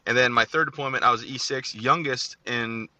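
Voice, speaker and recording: A man's voice: mid-range voice, bright, forceful tone. A man in his thirties, an Army veteran guest, telling blunt and joking stories in a casual interview. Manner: joking, blunt, fast-talking storyteller.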